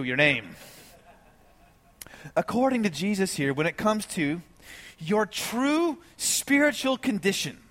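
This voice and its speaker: Male pastor, high voice, lively preaching in a reverberant church hall. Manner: animated, rhetorical questions to the congregation. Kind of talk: sermon.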